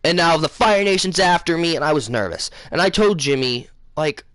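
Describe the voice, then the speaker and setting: A man with a slightly high voice tells his live viewers a rambling dream story. He loses his thread often and fills the gaps with ums and uhs. The sound is close and dry, with no room echo. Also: normal speed, a bit bright. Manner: rambling, loses his place, many fillers. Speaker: gaming channel host.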